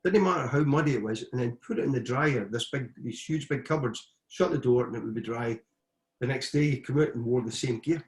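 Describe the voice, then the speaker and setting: Man, middle-aged, casual animated storytelling, interview guest, roomy echoey sound. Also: mid-range voice, fairly quick. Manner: anecdotal, animated retelling with frequent restarts. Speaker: guest, former footballer and coach.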